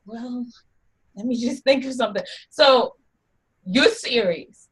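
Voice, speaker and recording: Woman co-host, husky voice, brisk, teasing, casual chat show. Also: fairly high pitch.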